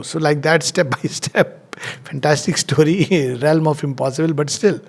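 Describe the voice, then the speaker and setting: A middle-aged man giving a spiritual talk, telling anecdotes with frequent chuckles. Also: a little high. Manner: chuckles often while telling stories. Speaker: spiritual speaker.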